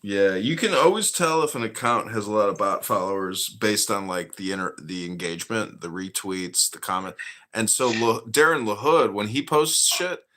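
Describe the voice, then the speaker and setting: A man hosting a podcast in casual chat, animated and mocking, often slipping into put-on voices. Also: on the low side, moderate pace. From United States. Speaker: podcast host.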